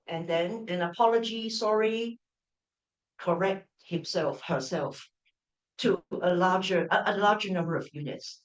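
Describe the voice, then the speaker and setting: A middle-aged woman with a medium-pitched voice gives an open-day university lecture, far from the mic in an echoey lecture room. As a professor, she frequently restarts phrases and checks in with "right?" and "all right?".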